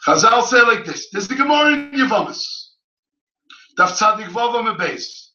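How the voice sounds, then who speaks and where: A man giving an impassioned Torah lecture at a yeshiva, speaking yeshiva English full of Hebrew terms and rising to shouted pleas. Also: high-pitched, expressive, normal speed. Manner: swells from quiet teaching to crying, shouted pleas. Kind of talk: impassioned sermon. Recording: echoey hall, mic at a distance, dull sound.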